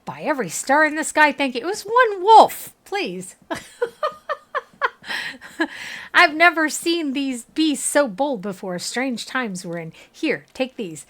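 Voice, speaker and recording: A nervous, courteous wanderer from a fantasy game, put on by a woman with a German accent. The voice sits a little high and rings bright, and it keeps its phrasing formal and old-fashioned. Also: very animated, unhurried, heavily acted. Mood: grateful. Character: wary male traveler in a fantasy game.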